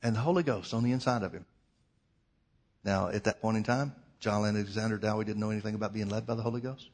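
A man's voice: lowish voice, steady tone, fast talker. Man preaching a dramatic story. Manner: dramatic, swings between loud outbursts and hushed quiet. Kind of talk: storytelling sermon.

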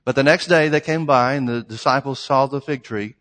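A man's voice: medium pitch, a little fast, a bit bright. A man preaching a sermon, emphatic, stretching out the scripture lines he reads. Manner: emphatic, reads scripture in old-style phrasing. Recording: long hall reverb.

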